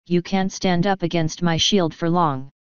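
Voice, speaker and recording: Woman reading as an imperious female pony sorceress, haughty and formal, low voice, smooth and clear. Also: fairly even intonation, measured pace, dry recording, lightly acted. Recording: slightly dull, dry recording.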